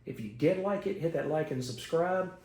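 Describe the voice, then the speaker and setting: A man's voice: fairly high pitch, moderate pace, dark tone. A man casually recapping a comic book issue as host of his video channel, talking in a loose, conversational way with frequent fillers. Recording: echoey room.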